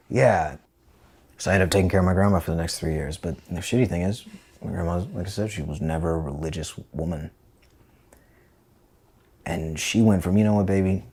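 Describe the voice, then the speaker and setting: A man in his twenties, a podcast guest telling a personal story in a candid, profane, animated way. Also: deep voice, husky. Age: 20s.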